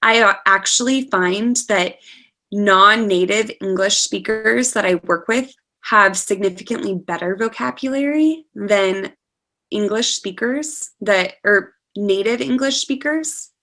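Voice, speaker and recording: A woman's voice: medium pitch, unhurried, bright, forceful tone. A woman teaching an online class on scholarship essay writing, speaking patiently and reading a student's essay aloud over a video call. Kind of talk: online lecture.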